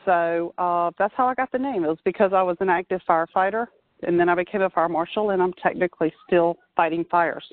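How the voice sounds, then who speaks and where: Calling in from a playground, a fire marshal in her forties talks about her work in an earnest, steady way for a casual phone interview. Her voice sits on the low side and moves fast. There's no room sound, and the audio comes through tinny and dry, as over a narrow phone line.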